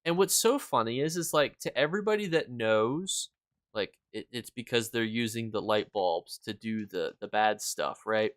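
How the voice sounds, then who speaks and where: A man's voice: medium pitch, animated, moderate pace, no room sound, clean studio sound. A young man streaming a game, telling rambling stories in casual chat and answering his viewers. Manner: rambling, filler-heavy storytelling; reads and answers chat while playing.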